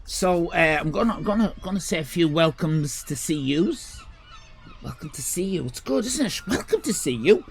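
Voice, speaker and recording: Irish guy in his 50s, bouncy up and down voice, crude rambling stream host, yells now and then. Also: high voice, sing-song, moderate pace, creaky. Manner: rambling, crude, with sudden shouted bursts. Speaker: comedy livestream host. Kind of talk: improvised comic monologue.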